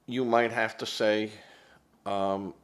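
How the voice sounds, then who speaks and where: A man's voice: lowish voice, level tone, slow pace. A man giving opinionated political commentary as host, rambling and hesitant, often correcting himself.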